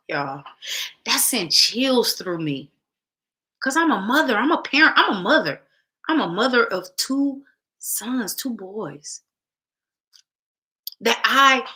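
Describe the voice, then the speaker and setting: Her voice on the high side, pushed and bright, a woman hosts a casual talk show. She talks emphatically right to her audience and repeats phrases for added weight.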